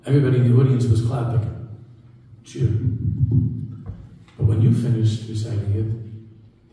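A man's voice: mid-range voice, warm tone, a little hiss or hum, natural voice. A man voicing an earnest young contest winner who asks questions in his own everyday voice. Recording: echoey hall, far from mic.

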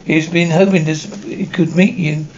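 A man reading the part of a boastful young woman who spins grand tales, in a flat read-aloud delivery that stumbles over words. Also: fairly high pitch, normal speed, close to an everyday voice. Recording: dull lo-fi audio with faint hiss.

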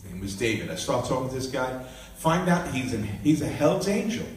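A male minister preaching a live sermon and telling a personal story with lively, animated delivery. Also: mid-range voice, brisk. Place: live church gathering. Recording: echoey room, mic at a distance, faint noise.

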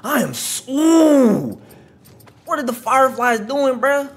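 A man's voice: extremely high pitch, sing-song, slow, vocal fry, noisy background. A man giving live, slangy reaction commentary while playing a video game, trash-talking the enemies. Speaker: gaming channel host.

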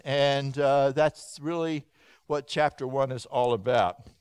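A male pastor lectures in a folksy, animated way, rising loud and then dropping to a hush. His voice sits high for a man and comes through smooth and clear. He speaks in a church hall. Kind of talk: evening Bible lecture.

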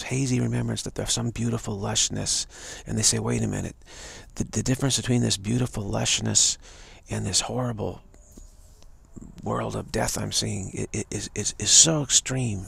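A man giving a live spiritual talk, halting and repeating words as he tells a story and acts out the voices in it. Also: on the low side, gravelly, a bit bright, slightly rough, no echo. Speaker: spiritual teacher.

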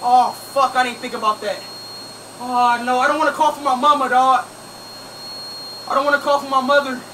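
High, bright-voiced young man panicking. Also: fairly even intonation, normal speed, distant mic, low-quality recording. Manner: panicky, repetitive pleading and shouting. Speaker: livestreamer. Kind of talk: casual livestream chat. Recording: voice from away from the mic, faint vacuum noise.

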